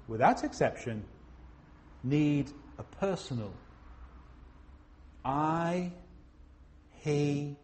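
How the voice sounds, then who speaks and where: A man preaching a sermon in a slow, emphatic way, pausing for weight on single words. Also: medium pitch, a little mellow. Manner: slow, emphatic, with dramatic pauses.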